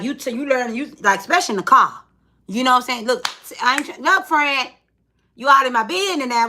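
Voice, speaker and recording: A woman's voice: medium pitch, pushed and bright, a little hiss or hum. A woman giving a tarot reading in casual, chatty talk, swearing freely and calling the viewer friend. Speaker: tarot reader.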